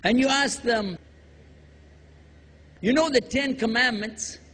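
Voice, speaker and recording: A man's voice: extremely high pitch, a bit bright, a little hiss or hum. An older man from Texas, giving a humorous religious lecture full of jokes and acted quotes. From USA, Texas. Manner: joking, drawn-out storytelling with acted quotes. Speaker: Islamic preacher. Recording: hall reverb.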